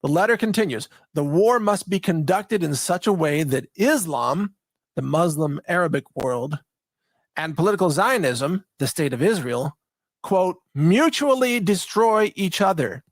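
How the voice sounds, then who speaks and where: A man's voice: fairly high pitch, animated, a little slow, no room sound. A middle-aged man hosting a monologue, reading a document aloud and breaking off for conversational asides and rhetorical questions. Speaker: host.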